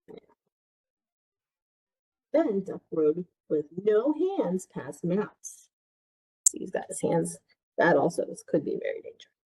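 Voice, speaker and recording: A children's librarian reads a picture book aloud, stopping often to ask the listening kids questions. Her voice is lively and sing-song, sitting a little low with a husky, mellow tone. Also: takes it slowly, pauses often, low-quality recording. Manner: interactive, asks children questions.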